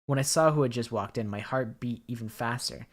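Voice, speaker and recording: A woman's voice: a bass voice, fairly quick. A woman game streamer reading all the dialogue aloud, with wry joking asides. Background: game music.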